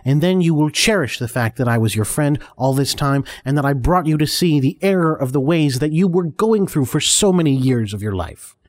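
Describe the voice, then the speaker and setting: A man's voice: fairly high pitch, animated, moderate pace, few pauses, close to an everyday voice. A man doing a pompous, wordy heir. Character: pompous, earnest male heir, adult.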